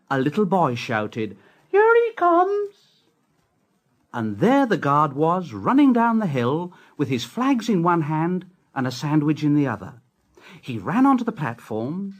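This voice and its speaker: A man narrating a children's storybook in a gentle, sing-song read-aloud manner. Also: a little high.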